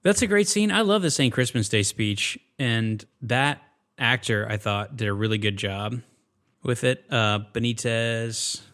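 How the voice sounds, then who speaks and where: A man's voice: medium pitch, fairly bright tone. A man co-hosting a casual movie podcast, enthusiastic, peppering his talk with "dude" and acting out scenes. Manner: enthusiastic, says "dude" and "freaking" a lot, acts out scenes in quick voices. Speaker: podcast co-host.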